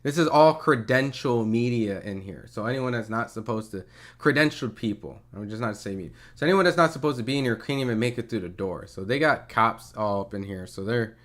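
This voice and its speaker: A man's voice: medium pitch, animated, brisk, a bit bright. Casual man hosting live watch-party commentary; loose, conversational. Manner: loose, casual, swears freely.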